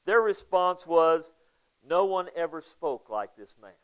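A man's voice: on the high side, sing-song, a little slow, fairly bright tone. A man preaching a casual, conversational Bible study sermon, asking listeners questions by name. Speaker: pastor. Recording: dull lo-fi sound.

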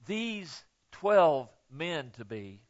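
A man delivers a sermon at an unhurried, deliberate pace, his voice sitting a bit high for a man. He talks to the congregation in a folksy way, tags his points with "okay?" and swings from hushed asides to loud, stressed peaks. The recording sounds a little dull and lo-fi. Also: sing-song. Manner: folksy and emphatic, punctuating with "okay?". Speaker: pastor.

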